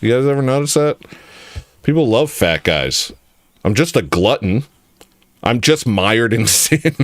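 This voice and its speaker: A man's voice: mid-range voice, expressive, a little slow, no echo, studio quality. A man hosting a casual comedy livestream, rambling and joking while reacting to chat. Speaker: livestream host.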